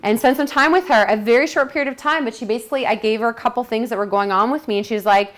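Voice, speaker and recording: A woman's voice: a little high, fairly quick, fairly bright tone. A woman presenting a detox program to a group, talking chattily and enthusiastically and acting out her own quotes.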